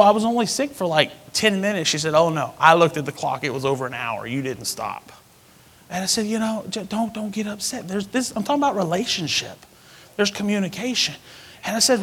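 A man preaching a sermon, telling a personal story with animated, sudden loud outbursts. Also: fairly high pitch, husky.

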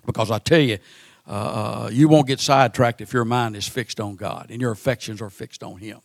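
A man preaching a sermon, often repeating words and pausing on "uh" between phrases. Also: mid-range voice, fairly even intonation, gravelly, dry recording, studio quality.

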